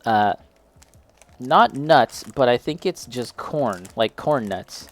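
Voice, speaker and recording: A man's voice: medium pitch, animated, slow. A young man casually chatting as he tastes and reviews snacks, self-deprecating and reacting as he eats. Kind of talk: casual snack tasting chat.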